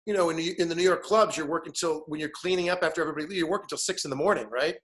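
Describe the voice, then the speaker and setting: Man, fifties, guest, animated storyteller, fairly high pitch. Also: very fast. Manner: animated, acts out voices in his anecdotes. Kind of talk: casual storytelling chat.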